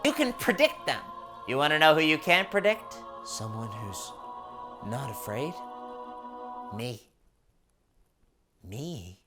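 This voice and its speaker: A man voicing an unhinged, menacing male clown criminal who shouts in frenzied bursts over music. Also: medium pitch, big pitch swings. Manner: shouting, frenzied, drawn-out words. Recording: music underneath.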